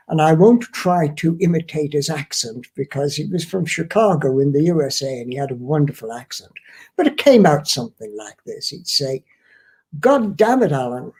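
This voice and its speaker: A middle-aged man explains a trade topic to camera at an unhurried pace. His voice is husky, and his pitch moves a lot as he stresses and repeats key points. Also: darkish tone. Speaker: international trade trainer.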